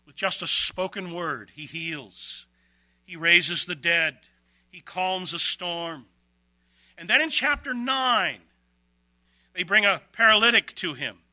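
A man preaching an expository sermon, emphatic, with quick bursts and slow, stressed words. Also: high-pitched, animated, bright, forceful tone, no room sound.

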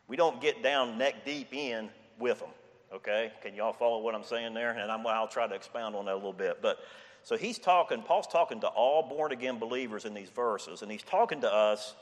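A man preaching a sermon in a relaxed, conversational way, often checking in with "okay?". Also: medium pitch. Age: 60s. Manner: conversational, repeats "okay?" and "I mean". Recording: long hall reverb.

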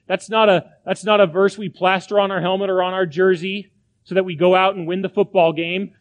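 Man, high-pitched voice, pastor, emphatic sermon, rhetorical questions. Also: flat delivery, a little fast. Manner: emphatic preaching, repeats phrases, rhetorical questions.

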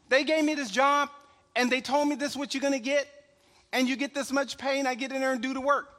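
A pastor with a very high voice delivers a sermon in a loose, chatty style, dropping in chuckles and "right?" asides. The recording was made in a church hall with a long reverb tail.

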